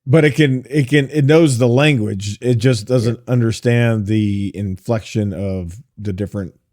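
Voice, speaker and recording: A man co-hosting a tech podcast, chatting casually and hesitantly, with many pauses and fillers. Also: mid-range voice, darkish tone. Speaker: podcast co-host.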